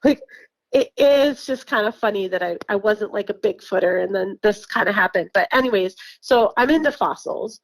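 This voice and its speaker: A woman's voice: medium pitch, normal speed, no echo, poor audio. Chatty woman telling a story, laughing often. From New York. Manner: chatty, laughs often, many fillers and restarts. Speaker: guest recounting encounters. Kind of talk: casual storytelling.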